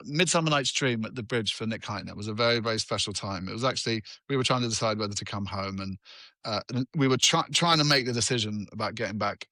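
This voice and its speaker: A man's voice: lowish voice, pushed and bright, dry recording. A middle-aged man, a guest telling rambling, self-deprecating stories with lots of restarts. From England. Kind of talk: casual chat.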